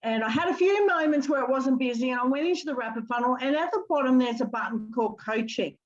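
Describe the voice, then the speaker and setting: A woman's voice: high-pitched, quick pace, dull audio. A woman on a team call eagerly explaining a tip she found. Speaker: team member. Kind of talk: chiming in on a group call. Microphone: video call.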